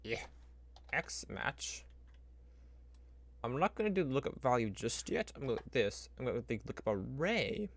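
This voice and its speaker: A man streams himself building a spreadsheet, thinking aloud in a casual, rambling way, talking to his computer and inventing little sound effects. His mid-range voice is very animated and fast, with hardly any pauses. Keyboard typing and clicking fill the background.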